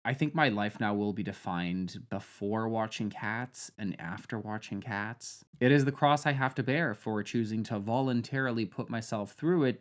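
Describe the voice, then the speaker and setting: A young man reviewing a film with sarcasm, trailing off into deadpan mutters and jumping to loud, high outbursts. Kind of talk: sarcastic movie commentary.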